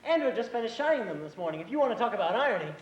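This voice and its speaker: The recording, made in an echoey auditorium with faint hiss, has its highs cut off. A young man with a high voice speaks very fast as an earnest, hot-headed eighteen-year-old brother in a school play, indignantly and animatedly telling a story and mimicking his boss.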